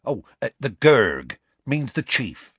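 A man voicing Hagrid, a big gruff half-giant who tells the story in rough, homely speech. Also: medium pitch, sing-song, dry recording, pitched above the performer's own voice, exaggerated voice. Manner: rough colloquial grammar, slow homely storytelling.

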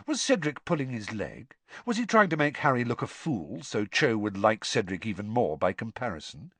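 Brief: male audiobook narrator, expressive measured reading, dry close sound. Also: lowish voice, husky, no echo. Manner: measured storytelling. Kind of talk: scripted narration.

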